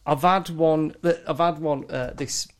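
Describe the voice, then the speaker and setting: A man's voice: fairly high pitch, unhurried. A man telling stories in casual podcast banter, swearing heavily. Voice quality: lively delivery, heavy swearing. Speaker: podcast co-host, t-shirt printer.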